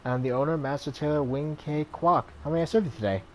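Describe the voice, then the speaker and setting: A man's voice: fairly high pitch, fast talker, a little hiss or hum, voice pushed up, lightly acted, low-quality recording. A man voicing a polite, proud male master tailor who talks in a courteous, formal, salesman-like way.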